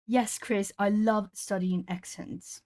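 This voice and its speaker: A woman's voice: medium pitch, steady tone, slow pace, darkish tone. A woman with Portuguese as her hosts an art stream at home. She chats casually with viewers while she colours, musing aloud as she goes. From Brazil.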